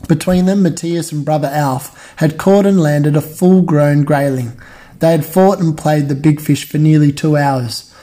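A man reading a children's novel aloud in a steady, measured way, stumbling on a word now and then. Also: fairly high pitch. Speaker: reader.

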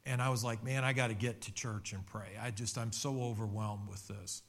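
A man's voice: on the low side, fairly even intonation, a little fast, a bit bright. Earnest man preaching a testimony. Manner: conversational, earnest storytelling with many restarts. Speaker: pastor. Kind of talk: sermon with personal testimony.

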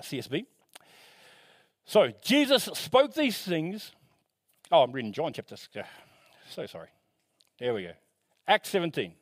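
A man preaching a sermon in a lively, conversational way, rising and falling for emphasis and breaking off for casual asides. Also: dry recording. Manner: animated, shifting pitch and loudness for emphasis; conversational, self-correcting with asides.

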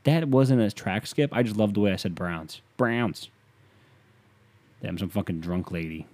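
A man's voice: lowish voice, dark tone. A young man from Ohio hosting a casual sports rant, profane and sarcastic.

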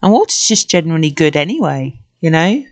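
A middle-aged British woman hosting a casual solo podcast, talking in a gentle, rambling way with many fillers. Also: deep voice, sing-song, brisk. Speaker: podcast host.

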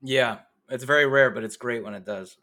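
A man's voice: medium pitch, a little fast, bright, forceful tone. A man co-hosting a podcast in casual chat, answering with brief, encouraging replies. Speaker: podcast co-host.

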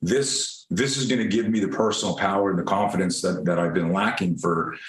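A man's voice: sits low, fairly quick. Roomy-sounding older man telling stories. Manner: animated, self-mocking, swears freely. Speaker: guest. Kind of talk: casual storytelling. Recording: roomy echo.

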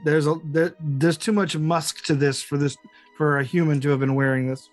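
A man narrates a tabletop game as its game master, pausing often and restarting his sentences. His voice sits a little high, and faint music plays behind him. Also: little pitch movement. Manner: hesitant, many fillers and restarts.

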